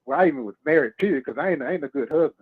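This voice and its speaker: A man talks fast over a tinny phone line, his voice sitting a bit high. He is animated and streetwise, checking in with his listener again and again. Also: husky. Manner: animated, streetwise, "you know what I mean". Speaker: guest. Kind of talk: casual radio talk.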